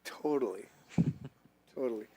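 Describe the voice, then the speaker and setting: A man's voice: mid-range voice, slow pace, warm tone, husky. A man hosting a casual political chat show who rambles, jokes and sometimes loses his train of thought. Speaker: podcast host.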